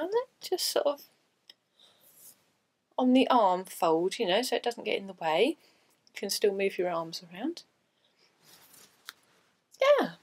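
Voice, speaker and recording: Brief: woman podcast host, rambling crafty chat, a bit croaky with a cold, gravelly edge. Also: fairly high pitch. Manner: chatty and rambling, self-deprecating. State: coughing from a cold. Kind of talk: casual chat.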